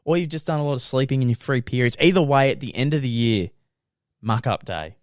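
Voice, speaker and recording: A man's voice: mid-range voice, a little fast, no echo, studio quality. A young Australian man co-hosting a casual podcast, telling stories with laughs and banter. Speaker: podcast co-host. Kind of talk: casual chat.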